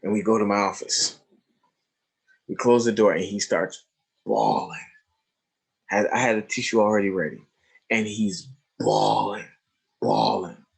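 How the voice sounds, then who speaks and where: An emphatic man telling classroom stories. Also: fairly low pitch. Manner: emphatic storyteller, swings between hushed and raised, stretched phrases; addresses listeners directly with "right?" and "you see?". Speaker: trauma educator presenting a webinar. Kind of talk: webinar lecture with storytelling.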